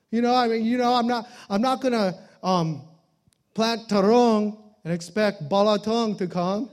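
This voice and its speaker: A man's voice: sits high, unhurried. A man preaching a sermon as a guest pastor, in a loose, joking style full of fillers and restarts.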